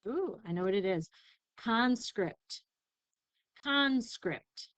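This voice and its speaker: A woman teacher giving a recorded spelling lesson, sounding out syllables slowly and carefully. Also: fairly high pitch, lively intonation, fairly bright tone, smooth, no echo, low-quality recording. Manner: slow, careful enunciation of syllables.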